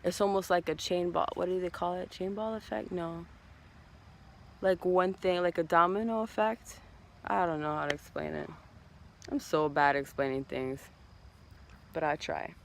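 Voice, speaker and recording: A man's voice: high-pitched, fairly even intonation, normal speed, vocal fry, pauses often, a little hiss or hum. A man talking as a tarot reader in a casual spiritual vlog, rambling and heartfelt, swearing now and then.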